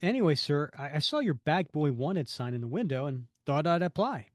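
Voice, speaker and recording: A man's voice: fairly high pitch, big pitch swings, fairly quick, no room sound, clean studio sound. A man voicing a polite, earnest young man applying for a job in a comic book reading.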